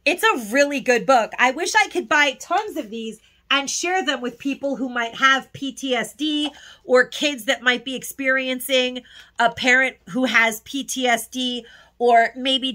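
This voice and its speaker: A haul vlogger talks casually at a measured pace in a high-pitched, fairly bright voice with a steady tone. She gushes emotionally and is sometimes on the verge of tears.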